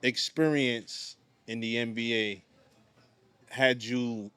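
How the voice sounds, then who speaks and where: A man co-hosts a casual podcast chat, chiming in with short encouraging interjections. His voice sits at an average pitch, his delivery is unhurried and slow, and the sound is close and dry. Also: steady tone, pushed and bright, smooth, no room sound. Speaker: podcast co-host.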